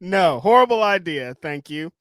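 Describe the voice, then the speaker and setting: A man's voice: fairly high pitch, big pitch swings, moderate pace, fairly bright tone, no echo. A man from Oakland co-hosting a wrestling watchalong, joking animatedly and swearing a lot. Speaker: co-host of a wrestling watchalong stream. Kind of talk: casual chat.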